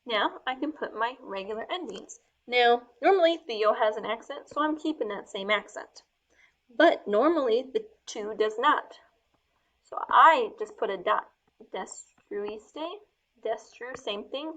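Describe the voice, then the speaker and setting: A woman teaching Spanish verb forms step by step while writing them out, talking through each change slowly and sometimes dropping to a soft murmur as she writes. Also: on the high side, lively intonation. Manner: slow, step-by-step explaining. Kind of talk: explaining grammar while writing.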